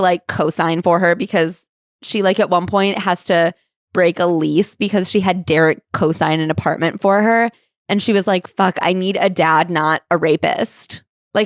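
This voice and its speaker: Woman podcast co-host, lowish voice, casual talk, dry mic. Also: no echo. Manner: casual, swears, reads book passages aloud. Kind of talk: casual chat recapping a memoir.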